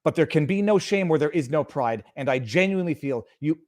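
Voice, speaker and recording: A man's voice: on the high side, lively intonation, fairly quick, a little mellow. Heated man ranting on a livestream. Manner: heated and sarcastic, rising to outrage. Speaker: livestream political commentator. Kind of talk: impassioned political rant on a livestream.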